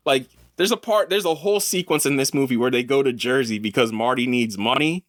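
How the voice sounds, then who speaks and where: Animated slangy man, dry close sound. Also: mid-range voice, brisk, no room sound. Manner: animated, swearing, slangy, laughs a lot. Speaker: podcast host, film reviewer. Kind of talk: casual chat.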